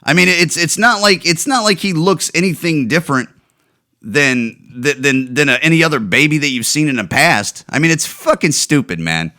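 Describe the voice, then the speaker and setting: A man's voice: on the high side, expressive, normal speed, bright, forceful tone. A man hosting a podcast, ranting in a profane, exasperated way about viral videos and stumbling over repeated words. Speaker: podcast host.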